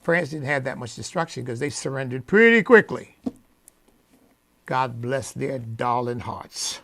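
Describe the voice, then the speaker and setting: Gravelly, emphatic male radio host. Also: medium pitch, animated, a little slow. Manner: preacherly, emphatic, rising to loud peaks. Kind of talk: opinion radio monologue.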